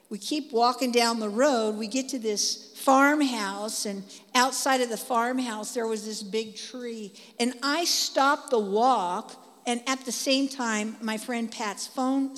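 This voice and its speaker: A woman preaching a testimony sermon, telling her story in lively, animated bursts and repeating phrases for emphasis. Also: fairly high pitch, takes it slowly, few pauses. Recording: long hall reverb.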